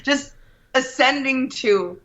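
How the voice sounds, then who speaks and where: Bright-voiced woman telling a story. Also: high-pitched, slow pace, lo-fi sound. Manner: animated, quotes others in her story. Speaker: guest. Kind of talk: casual storytelling.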